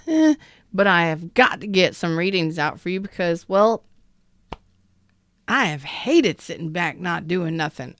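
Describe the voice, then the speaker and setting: A woman hosting a casual live tarot reading, keeping her speech low and soft as she recovers. Her voice sits a little on the low side and comes across clean and smooth. She talks at an easy, slow pace. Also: lively intonation, no echo, clean studio sound. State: recovering from an illness. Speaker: tarot reader.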